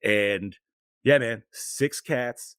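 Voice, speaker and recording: A man's voice: mid-range voice, very slow, a bit bright, clean tone, dry recording. A middle-aged man co-hosting a podcast, telling long rambling stories full of swearing in casual chat. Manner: profane, rambling storytelling. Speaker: podcast co-host.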